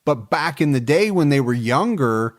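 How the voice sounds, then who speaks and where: A man in his forties co-hosting a true-crime podcast, telling the case in a relaxed, joking way with plenty of fillers. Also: mid-range voice, moderate pace. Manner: storytelling, joking, many fillers. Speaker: podcast co-host.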